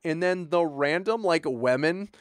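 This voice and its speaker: A young man chatting casually as a podcast co-host, animated and full of filler words, acting out bits of dialogue. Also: fairly high pitch, unhurried, no room sound, studio quality. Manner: animated, lots of filler words, acts out lines. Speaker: podcast co-host recapping a movie. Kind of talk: casual chat.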